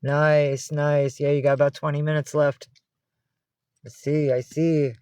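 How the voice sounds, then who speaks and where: A woman's voice: deep voice, little pitch movement, unhurried, darkish tone, dry recording. A woman in a recorded video talking to her cats in coaxing, sing-song baby talk. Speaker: cat owner filming herself.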